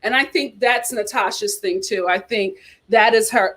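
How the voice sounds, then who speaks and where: A woman hosting a reality TV commentary livestream, sassy and animated, reading viewer super chats aloud. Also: fairly high pitch, moderate pace.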